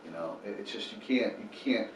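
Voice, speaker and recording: A man's voice: lowish voice, fairly quick. A man who founded a homeless ministry, telling stories earnestly as an interview guest and acting out what people said. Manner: animated storyteller, acts out quotes. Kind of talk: earnest faith storytelling in an interview. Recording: roomy room, distant mic, faint noise.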